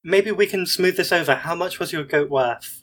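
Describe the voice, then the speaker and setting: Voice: mid-range voice, normal speed. A laid-back player in a tabletop game.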